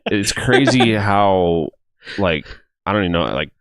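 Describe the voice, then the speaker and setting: A man's voice: fairly low pitch, lively intonation, measured pace, fairly bright tone, no room sound, clean studio sound. A man co-hosting a casual podcast as they watch fights, talking in a rambling way full of "like" and restarts. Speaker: podcast co-host.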